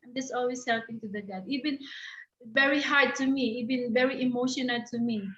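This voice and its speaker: A woman from the Philippines, a caregiver sharing her experience in halting, repetitive English. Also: fairly high pitch, fairly even intonation, a bit bright, echoey room, muffled recording. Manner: halting, repetitive, searching for words. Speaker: caregiver and panel guest. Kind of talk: personal testimony in a discussion.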